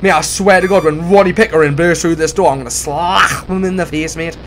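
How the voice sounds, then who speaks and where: A man doing casual let's play commentary on a horror game, excitable and bursting into shouts. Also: on the high side, fairly quick, a little hiss or hum. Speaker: gaming YouTuber.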